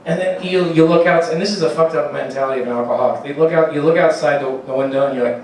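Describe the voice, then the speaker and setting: A man's voice: on the high side, fairly even intonation, fast, crowd noise. Rambling, profane man doing stand-up. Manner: rambling, profane, laughs at his own jokes. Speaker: stand-up comedian. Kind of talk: stand-up comedy set. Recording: very echoey room, distant mic, faint ambience.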